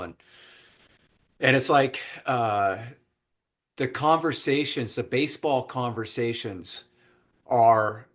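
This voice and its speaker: A man hosting a podcast, telling an anecdote in a casual chat over a remote call and putting on voices for the people in it. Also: medium pitch. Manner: animated anecdote teller with quoted voices. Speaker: podcast host.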